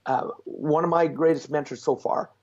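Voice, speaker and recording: A man being interviewed as a success coach, telling stories in an animated, blunt way with mild swearing. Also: on the high side, moderate pace, highs cut off. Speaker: guest speaker, success coach. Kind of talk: storytelling in a conversational interview.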